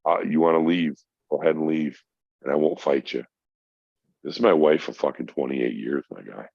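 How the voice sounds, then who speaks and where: A man's voice: very deep voice, normal speed, vocal fry, no echo. A middle-aged man, a podcast guest, telling a personal story in casual chat, swearing often and calling the host bro. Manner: profane, emphatic, addresses host as bro. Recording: dry, dull lo-fi sound.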